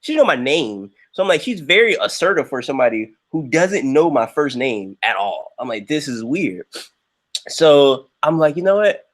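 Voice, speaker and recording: A young man hosts a livestream and tells a long story in a loose, chatty way. His voice leaps up high whenever he acts out what someone said. His pitch sits in a middle register but moves around a lot. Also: normal speed. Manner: animated, jumps into high quoted voices. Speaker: livestream host. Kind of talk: casual storytelling.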